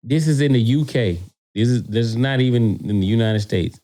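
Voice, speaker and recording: A man tells a story in loose podcast talk, getting animated and cursing freely. His voice sits mid-range with a dark, mellow tone, and he often stumbles over repeated words as he gets heated. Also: medium pitch, fairly quick. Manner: animated, profane, repeats words when excited. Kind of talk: casual storytelling chat.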